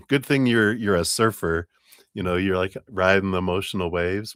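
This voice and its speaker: Giggly low-voiced man reading tarot. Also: slow, no room sound, clean studio sound. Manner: bubbly, giggly, sing-song vocal sounds. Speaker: tarot reader. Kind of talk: live-stream reading.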